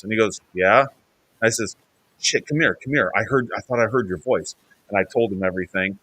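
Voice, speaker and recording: Low-voiced rambling male podcast host. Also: a bit bright. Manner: rambling, self-correcting storyteller. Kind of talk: casual storytelling chat.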